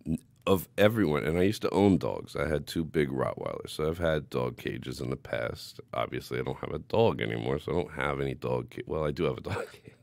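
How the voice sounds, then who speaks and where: A man co-hosting a casual podcast chat, telling stories in a profane, animated way. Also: very deep voice, fairly quick, vocal fry, no room sound. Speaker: podcast co-host.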